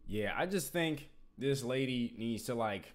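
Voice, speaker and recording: A man's voice: medium pitch, lively intonation, a little slow. A man hosting a reaction channel, ranting in incredulous casual commentary.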